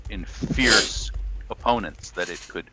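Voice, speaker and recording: Chatty low-voiced man with a bright tone. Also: slow, a little hiss or hum, rough recording. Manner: rambling, many fillers and restarts, jokey. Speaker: podcast co-host. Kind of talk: casual chat.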